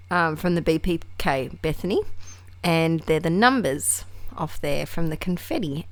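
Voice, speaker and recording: Woman narrating a craft vlog, rambling and chatty, low-pitched and dry. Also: dry recording. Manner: chatty and rambling, with laughs and asides. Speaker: scrapbooking crafter.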